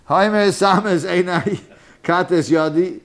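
Animated man teaching a talmud class. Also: high voice, takes it slowly. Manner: animated, mixes Hebrew and Yiddish terms, jokes with students. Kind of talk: lively Talmud class lecture.

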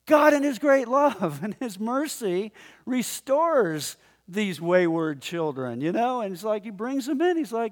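Guy preaching, kinda high voice, chatty and laughy, long hall echo. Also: measured pace. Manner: conversational, animated, chuckles often. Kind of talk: sermon. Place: room with a congregation.

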